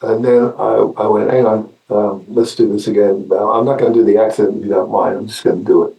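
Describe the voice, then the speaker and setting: An older man with an Australian accent, a guest actor telling wry anecdotes in a casual interview, often halting and restarting. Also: lowish voice, little pitch movement, creaky, reverberant, recorded from a distance, muffled recording.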